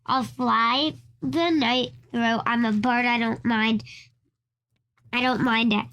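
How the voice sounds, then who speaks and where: A woman's voice: fairly high pitch, steady tone, slow, fairly bright tone. A woman voicing a strong, sneering male eagle in a read-aloud storybook.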